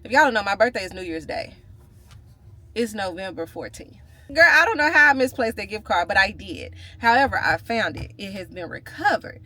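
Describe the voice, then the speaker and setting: A woman's voice: mid-range voice, animated, fairly quick, sharp tone. A woman, chatting casually to her viewers in a vlog, playful and full of slang. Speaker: vlogger. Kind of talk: casual vlog chat to camera.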